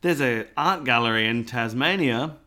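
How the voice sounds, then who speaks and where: A man's voice: mid-range voice, normal speed, bright, forceful tone. A man co-hosting a podcast in casual chat, with dry, rambling jokes. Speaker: podcast co-host.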